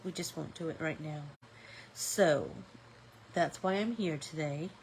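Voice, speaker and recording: A woman's voice: low voice, a little slow, a little mellow, a little hiss or hum, poor audio. A woman with a stuffy nose hosting a live-stream art class, chatting casually and thinking aloud with fillers as she paints.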